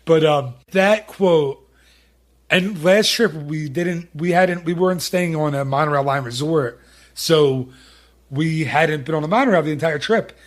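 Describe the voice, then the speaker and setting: A man with a somewhat high voice chats casually as a podcast host. He talks loosely and keeps restarting his sentences. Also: a little slow. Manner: chatty, restarts sentences often. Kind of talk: casual chat.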